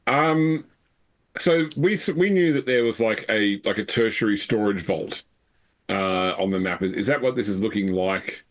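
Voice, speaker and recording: A man at a tabletop game who asks questions with lots of restarts. His voice sits low. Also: normal speed. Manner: hesitant, questioning. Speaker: player. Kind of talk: casual game chat.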